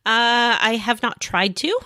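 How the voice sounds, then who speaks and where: Animated woman retelling a game. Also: a little high, a little slow, no echo, clean studio sound. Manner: animated storytelling, acts out characters. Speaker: podcast co-host. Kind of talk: casual chat recapping a game.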